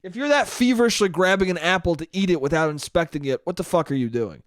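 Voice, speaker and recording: A man's voice: high-pitched, lively intonation, fast, no echo, clean studio sound. A young man hosting a solo podcast, rambling through a profane comedic monologue and laughing at his own jokes. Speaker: podcast host.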